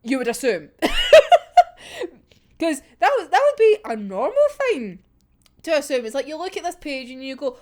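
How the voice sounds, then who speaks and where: A woman's voice: high-pitched, very animated, normal speed, a little mellow. A young woman reacting to a manga chapter in casual, sweary talk, laughing often. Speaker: manga reaction video host.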